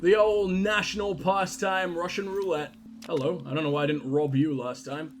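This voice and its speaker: High-pitched dude swearing and joking at a video game, sarcastic, chatting to the npcs, faint hiss behind him. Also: male voice, flat delivery, normal speed. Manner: crude, sarcastic and profane joking; talks to the game characters. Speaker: gaming video host. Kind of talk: let's-play commentary.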